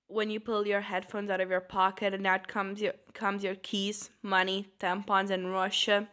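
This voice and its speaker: A woman reading social media posts aloud for comedy, swinging between deadpan mutters and loud outbursts. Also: mid-range voice, moderate pace, few pauses, clean tone.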